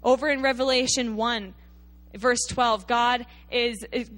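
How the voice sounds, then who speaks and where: A woman preaches to her congregation, her voice sitting a little higher than most. She retells scripture in an emphatic storytelling way, sometimes sinking into quiet, intense delivery. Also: fairly even intonation, a little slow. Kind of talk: sermon.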